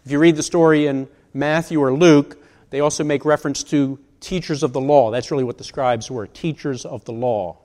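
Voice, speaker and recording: A man's voice: on the high side, fairly even intonation, normal speed, mellow. A man in his sixties preaching a sermon in a conversational way, asking rhetorical questions. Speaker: pastor. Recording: long reverb of a large hall.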